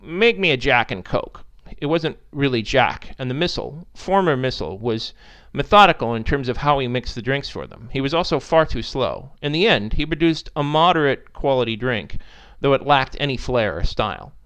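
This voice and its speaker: A man narrating a story in an expressive, animated reading style. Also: medium pitch, normal speed, smooth.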